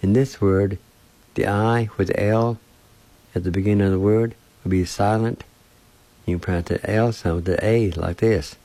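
A man giving a language lesson, sounding out words syllable by syllable in a slow, deliberate, gently encouraging way. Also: lowish voice, vocal fry, no room sound. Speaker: language teacher.

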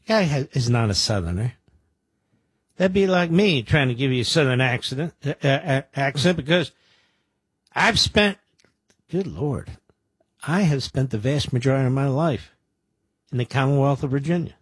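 A man's voice: mid-range voice, lively intonation, moderate pace, pauses often, husky, dry recording, clean studio sound. A man in his sixties from the Philadelphia area, hosting a combative talk radio show with a sarcastic, mocking delivery. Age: 60s. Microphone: studio microphone.

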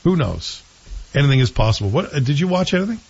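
A man's voice: a little high, big pitch swings, quick pace, gravelly, darkish tone, slightly rough, muffled recording. A male host chatting casually and with strong opinions, rambling and correcting himself as he goes. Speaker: show host reviewing TV series. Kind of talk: casual chat.

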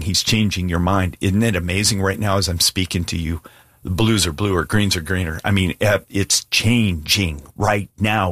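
Deep husky-voiced preacher, a man. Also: fairly bright tone, no echo, studio quality. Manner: earnest, emphatic, plain-spoken with casual asides. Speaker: pastor. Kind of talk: sermon with altar call.

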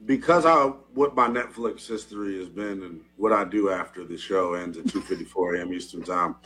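A man co-hosting a show, teasing in casual banter, with his voice jumping up when he gets excited. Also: fairly quick. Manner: animated, teasing, jumps up in pitch when excited. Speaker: co-host.

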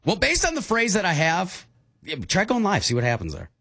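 Bright, lively-voiced man joking around. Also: high-pitched, gravelly, husky, no echo, clean studio sound. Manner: playful, laughs often, halting restarts. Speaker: co-host. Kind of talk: casual chat.

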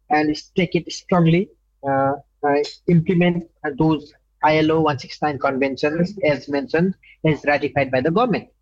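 A man from Nepal, an indigenous rights advocate answering interview questions earnestly, pausing often with fillers. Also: fairly high pitch, dry recording, dull audio. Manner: earnest, halting with many fillers.

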